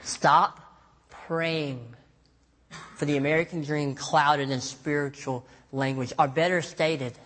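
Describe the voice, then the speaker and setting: A young man preaching a sermon as pastor, telling stories with lively acted-out voices and self-mocking jokes. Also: on the high side, slow pace. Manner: animated storytelling, acts out voices in quotes, self-mocking jokes.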